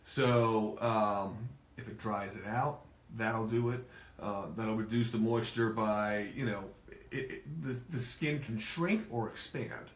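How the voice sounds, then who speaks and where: A man with a Greek accent, a hair stylist, explaining things haltingly with many fillers in casual chat. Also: fairly low pitch. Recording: echoey room, faint noise.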